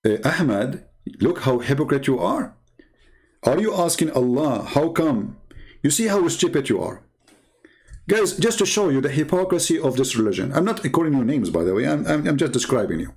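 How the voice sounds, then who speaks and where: A man's voice: mid-range voice, big pitch swings, fairly quick, darkish tone. A man delivering a combative, mocking monologue as an online religious debater, growing heated as he makes his points. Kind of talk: impassioned monologue.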